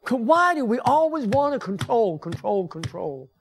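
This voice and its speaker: Older man, pastor, high-pitched, folksy conversational sermon in a church, building to strong emphasis. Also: expressive, moderate pace, husky. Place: church sanctuary.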